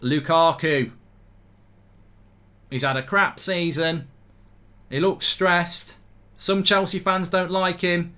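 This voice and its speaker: Guy hosting a football watchalong, gets worked up and rants, bit of a higher voice. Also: slow pace, long pauses. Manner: excitable, swears casually, rants in bursts. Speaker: host of a live football watchalong stream. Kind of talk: live watchalong commentary.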